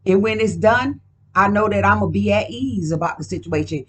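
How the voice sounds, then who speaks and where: A woman's voice: mid-range voice, lively intonation, normal speed, fairly bright tone, slightly rough. A woman doing a casual card reading at home, talking in a profane, emphatic, rambling way. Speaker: card reader.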